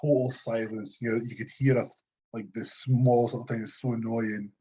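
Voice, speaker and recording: A Scottish man co-hosting a podcast, talking about bodybuilding in animated, sweary casual chat. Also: medium pitch, normal speed, dull audio, slight background noise. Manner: animated, sweary gym talk. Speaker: podcast co-host.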